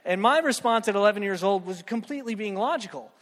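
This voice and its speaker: A young man preaching a sermon in an animated, joking way, checking in with the crowd with a constant "right?". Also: sits high, fast talker. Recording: long hall reverb.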